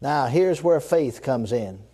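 Warm-voiced male preacher, emphatic and deliberate. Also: mid-range voice, expressive, breathy edge. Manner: emphatic, repeats key phrases, slows down for scripture; leads the congregation in call-and-response declarations. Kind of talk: sermon.

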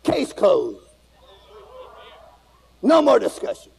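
A man preaching a fiery revival sermon to a congregation, shouting and calling for responses. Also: high voice, wildly swooping pitch, slow pace, gravelly, slightly rough, rough recording. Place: church with congregation.

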